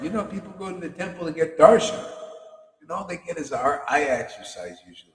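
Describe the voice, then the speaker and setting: A man's voice: a little high, animated, fairly quick. A man giving a fervent, playful devotional talk, laughing often. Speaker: devotional speaker. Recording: roomy hall reverb.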